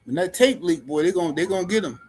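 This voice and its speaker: A man's voice: high-pitched, animated, quick pace, a little mellow, slight background noise. A man hosting a live stream, ranting about boxing in a heated, slangy way and speaking straight to his viewers.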